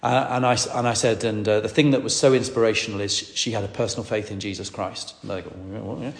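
Preacher guy, talks fast, lots of restarts, echoey big room. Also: fairly low pitch, fairly even intonation, gravelly. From northwest England. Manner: rambling storytelling with many restarts. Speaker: evangelist. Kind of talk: sermon teaching. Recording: echoey hall.

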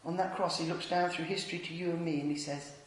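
A man preaching a sermon, telling stories earnestly and dropping to a hush on tender points. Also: fairly high pitch, steady tone, quick pace. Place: church. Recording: echoey church hall.

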